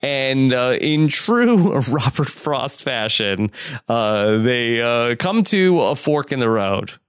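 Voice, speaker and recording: A man's voice: mid-range voice, very animated, clear, resonant tone, no echo, clean studio sound. A man co-hosting a podcast, chatting casually and wryly as he recaps a TV episode, slipping into short quoted lines from the scenes. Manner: chatty, wry, paraphrases scenes in quick quoted bits. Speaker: podcast co-host.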